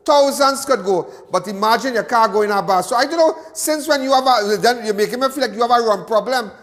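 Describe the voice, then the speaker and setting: Trinidadian guy hosting live, high voice, repeats himself a lot, gets worked up, long echo round him. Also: fast, a bit bright. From Trinidad and Tobago. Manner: emotional, repetitive, rising to agitated ranting. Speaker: host of a live crime show. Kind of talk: livestream monologue.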